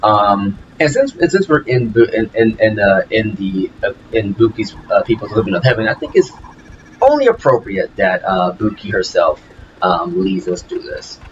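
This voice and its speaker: A man hosts a let's play, chatting casually through his game with lots of fillers and restarts while game music plays behind him. His voice is lowish and sing-song at a normal speed, and the recording is muffled with slight background noise.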